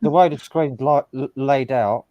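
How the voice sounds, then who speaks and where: A man of middle pitch speaks bluntly in a casual chat. He swears freely and explains technical details step by step. The sound is dry and close. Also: moderate pace, dry recording, highs cut off.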